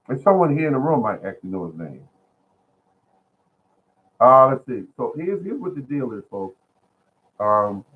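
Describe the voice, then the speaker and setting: A man rambling casually to his viewers from home about gardening bargains, repeating himself and calling them folks. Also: fairly low pitch. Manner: chatty, repetitive, addresses viewers as folks. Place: at home, indoors. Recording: phone-like lo-fi sound.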